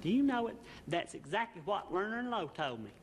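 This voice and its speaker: High-voiced folksy man in a TV sketch. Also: brisk. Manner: folksy, naive, deadpan comic. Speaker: guest comedian. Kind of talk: comedy sketch banter. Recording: noisy old TV broadcast with studio audience.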